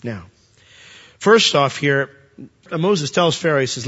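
A man preaching a sermon, animated, asking rhetorical questions and acting out dialogue. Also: fairly high pitch, slow pace, slightly rough, lo-fi sound. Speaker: pastor.

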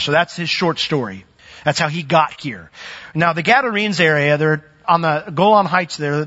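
A man preaching a sermon, animated, with sudden loud swells and soft drops as he retells the story. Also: on the high side, muffled recording.

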